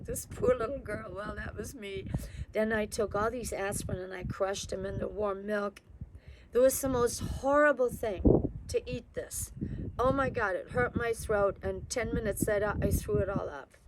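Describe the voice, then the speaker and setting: A woman from Germany, reflectively and candidly recounting her life story in an interview. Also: on the high side. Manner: reflective, candid, wry at times. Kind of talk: personal oral history. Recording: loud background noise, passing vehicles.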